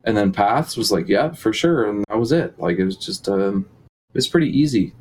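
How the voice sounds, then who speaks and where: A man's voice: on the low side, animated, normal speed, darkish tone, poor audio. A man talking casually as a musician guest in an interview, rambling with many fillers and restarts. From Canada.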